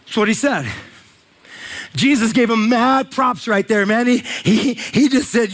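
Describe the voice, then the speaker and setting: A man's voice: very high voice, a little slow, a bit bright. A man preaching a sermon as pastor, retelling scripture in casual slang with voiced asides.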